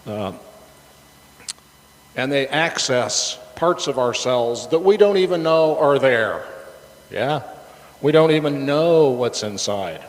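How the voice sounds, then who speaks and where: A middle-aged man preaching a sermon as a casual story, chatty and rambling, with many fillers and restarts. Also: mid-range voice. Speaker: pastor. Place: church sanctuary. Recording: reverberant hall with faint background noise.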